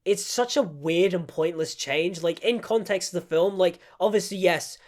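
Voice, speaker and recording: A man's voice: high voice, moderate pace. A young man giving a casual, critical film review, peppering his talk with "like". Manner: critical, frequent "like" fillers. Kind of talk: casual opinion vlog.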